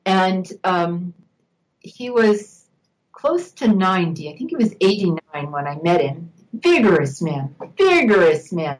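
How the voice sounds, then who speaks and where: A woman's voice: fairly low pitch, very animated, measured pace, rough recording. An older woman, a guest on an interview show, reminiscing at length with an occasional laugh. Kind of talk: interview storytelling.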